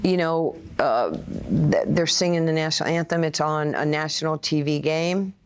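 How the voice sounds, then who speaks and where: A woman, telling stories in an interview. Her voice sits a little low, and she acts out what other people said. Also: normal speed, a little hiss or hum. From Brooklyn, USA. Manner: animated, acts out quoted voices. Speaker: interview guest, former player and coach. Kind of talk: storytelling interview.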